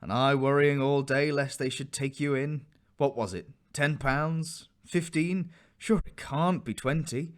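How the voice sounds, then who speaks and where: A man voicing a worried, scolding peasant mother in a storybook reading, raising his voice high and exclaiming. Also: fairly even intonation, normal speed, hardly any pauses, close to an everyday voice. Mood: fretful. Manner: fretful, exclaiming.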